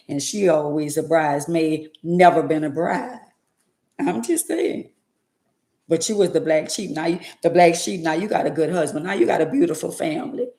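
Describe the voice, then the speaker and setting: Woman vlogger, lower voice, preachy and emphatic, echoey room. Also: warm tone. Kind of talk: faith-based motivational monologue.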